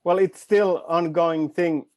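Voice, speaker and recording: A man with a Finnish accent, a native Finnish speaker, hosting a podcast interview in slow, careful speech. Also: on the high side, fairly even intonation, darkish tone. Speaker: podcast host.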